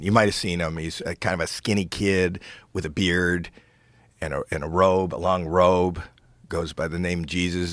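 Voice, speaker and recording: A comedian guest, a man telling a stage story in an animated, halting way with many restarts. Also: deep voice, dry recording. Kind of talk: storytelling in a podcast chat.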